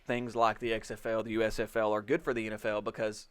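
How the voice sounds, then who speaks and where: A man's voice: lowish voice, level tone, fast talker, clean tone. A man, a teacher, co-hosting a podcast and chiming in eagerly in casual sports chat, often tripping over his words.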